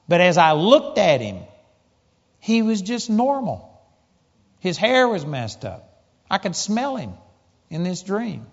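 Animated male preacher in an echoing hall. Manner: animated storytelling, rising pitch when excited. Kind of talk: sermon. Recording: muffled sound with long hall reverb.

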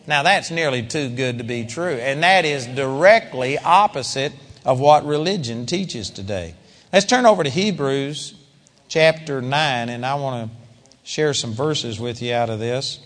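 A man's voice: mid-range voice, a little slow. A man teaching a live sermon at a seminar, preaching emphatically and acting out the voices of his listeners. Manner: animated, emphatic preaching with acted-out quotes. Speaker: Bible teacher. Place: large seminar hall. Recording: live recording with long hall reverb.

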